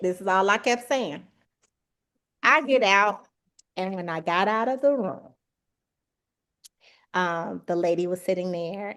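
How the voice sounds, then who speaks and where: A woman telling a story in a casual chat on a video call, animated and emphatic, acting out the voices of people she quotes. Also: medium pitch, a little slow, pauses often. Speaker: guest sharing her exam success.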